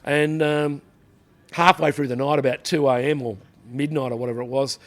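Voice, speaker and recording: A man's voice: medium pitch, fairly even intonation, normal speed. A middle-aged man with an Australian accent, a former police officer telling rambling anecdotes in a casual interview, full of "you know" asides.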